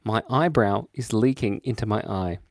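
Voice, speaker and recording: A young Australian man chatting casually with his viewers while he draws on a livestream, playful and quick to jump from excited to quiet. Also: no room sound, studio quality. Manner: playful, jumps between high excited bursts and quiet mumbles. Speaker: livestream host drawing for chat. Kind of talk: casual live-stream chat while drawing.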